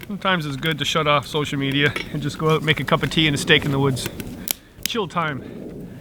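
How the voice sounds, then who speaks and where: With some background noise, a man with a slightly high voice and fairly even intonation chats fairly quickly while camp cooking. Middle-aged and outdoors in the woods, the vlogger makes tea on a small stove, chuckling often between rambling asides.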